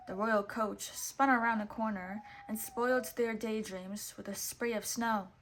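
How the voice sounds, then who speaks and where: A woman reading a picture book aloud, expressive and lively, putting on voices for the characters. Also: mid-range voice. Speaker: storybook reader.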